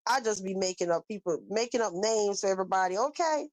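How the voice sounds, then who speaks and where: A woman's voice: mid-range voice, fast, dry recording, rough recording. Chatty woman hosting a live stream. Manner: chatty, animated, calls viewers baby. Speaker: livestream host reading chat. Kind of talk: casual live chat.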